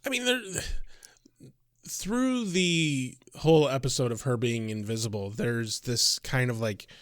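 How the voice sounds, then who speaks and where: In a clean studio recording with no room sound, a man co-hosts a podcast in casual chat. His voice sits at medium pitch and he takes his time, laughing often and swearing freely.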